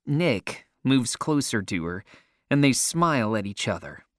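A man narrating a first-person story in an emotional, expressive reading voice. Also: medium pitch, measured pace, dry recording, clean studio sound.

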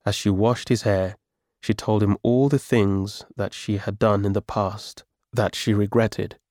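A man reading a story aloud as its narrator, calm and measured. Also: on the low side, no room sound, studio quality.

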